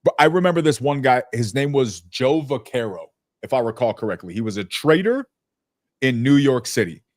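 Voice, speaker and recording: A young man hosts a business podcast in a casual, blunt way. He swears easily and acts out the people in his stories with lively impressions. His voice sits close and dry, with no room sound around it. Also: medium pitch, moderate pace, no room sound. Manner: blunt, profane, storytelling with animated impressions. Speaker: podcast host.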